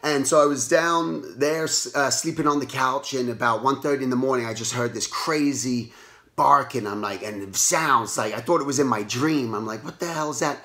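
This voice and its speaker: A hoarse man who has lost his voice, hosting a casual motivational talk and rambling with lots of restarts. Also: mid-range voice, moderate pace. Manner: rambling, animated, restarts often. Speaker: artist and show host. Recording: roomy echo.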